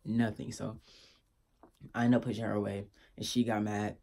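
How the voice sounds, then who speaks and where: A man's voice: on the low side, little pitch movement, normal speed, vocal fry, darkish tone. A young man, telling a story in a laid-back, slangy way to his vlog viewers. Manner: laid-back slangy storytelling, keeps asking "you feel me". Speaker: vlogger.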